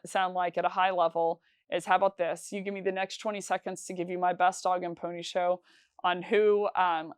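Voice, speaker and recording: A woman's voice: mid-range voice, smooth, dry recording, clean studio sound. A woman teaching sales calls in a conversational, instructional talk, with frequent fillers and restarts. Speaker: sales trainer.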